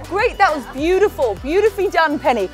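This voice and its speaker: A woman's voice: very high-pitched, lively intonation, a little fast, soft background music. Upbeat English woman leading a workout. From England. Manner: upbeat, laughing often, counting down reps. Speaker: fitness instructor. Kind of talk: leading a workout, chatty cues.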